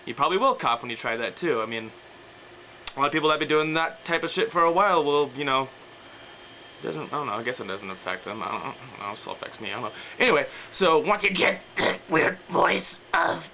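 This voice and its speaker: This young man makes vocal tutorials, and here he explains death metal vocals in a loose, rambling way, packed with fillers and trailing thoughts, breaking into growls and screams to demonstrate. His voice is a little high, bright and forceful, with lively intonation and a fairly quick pace. The audio is poor, with a little hiss or hum.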